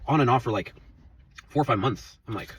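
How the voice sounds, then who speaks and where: A man's voice: mid-range voice, lively intonation, fairly quick, distant mic, slight background noise, rough recording. A man in his twenties telling an angry, profane story about his workplace, rambling and heated. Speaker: vlogger.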